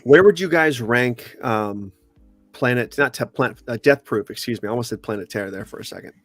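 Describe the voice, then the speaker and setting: A man in a casual podcast chat giving quick, emphatic opinions. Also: mid-range voice, expressive, no room sound.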